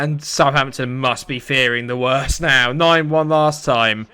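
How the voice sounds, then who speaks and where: A young man giving live commentary on his football video game, sarcastic and exasperated, bursting into excited shouts. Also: on the high side, unhurried, hardly any pauses, clean tone. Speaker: gaming commentator.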